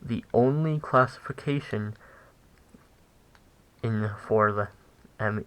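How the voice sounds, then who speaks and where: Slow, low-voiced young man explaining. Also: fairly bright tone, rough recording. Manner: halting, with many fillers and self-corrections. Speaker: language teacher. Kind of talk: casual explainer lesson.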